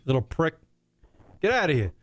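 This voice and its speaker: Profane, animated male comedy podcast host. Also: a little high, moderate pace, no echo, studio quality. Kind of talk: casual comedy chat.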